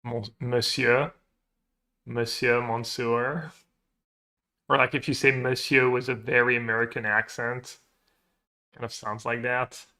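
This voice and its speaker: A man's voice: mid-range voice, completely flat delivery, normal speed, sharp tone. A man streaming a card game, thinking aloud about his plays and chatting with viewers in a casual, muttering way. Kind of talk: casual stream commentary while playing.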